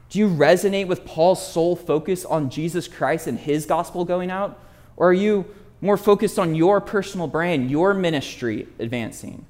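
A man giving an expository sermon, earnest and emphatic, slowing down on quoted verses and putting direct questions to his listeners. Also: high-pitched, darkish tone. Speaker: preacher.

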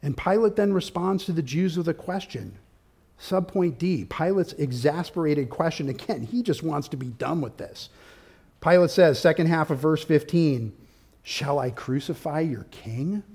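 Emphatic preacher man, slightly higher voice. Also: moderate pace, creaky, husky. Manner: emphatic, builds to loud peaks; outlined teaching with subpoints. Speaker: pastor. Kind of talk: expository sermon.

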